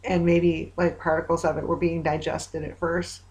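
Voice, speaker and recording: Woman vlogger, lower voice, chatty diary talk, long rambling retellings full of fillers. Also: little pitch movement, normal speed, darkish tone. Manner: hopeful yet weary. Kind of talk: casual personal video diary.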